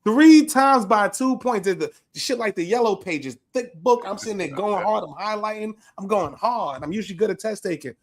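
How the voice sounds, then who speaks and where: A man with a somewhat higher voice, co-hosting a podcast and telling a personal story with real animation. He laughs easily and talks in casual, streetwise slang, swearing freely as the story builds. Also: animated, brisk, hardly any pauses. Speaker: podcast co-host.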